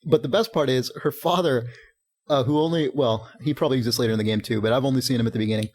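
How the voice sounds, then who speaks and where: A man's voice: medium pitch, racing, darkish tone. A man co-hosting a podcast, talking casually and animatedly, swearing freely and laughing often. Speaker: podcast co-host. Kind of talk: casual chat.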